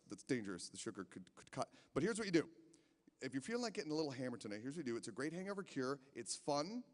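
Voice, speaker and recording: A man doing a rambling stand-up set in a casino, stammering through restarts. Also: mid-range voice. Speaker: stand-up comedian. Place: casino stage. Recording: long hall reverb from a live venue.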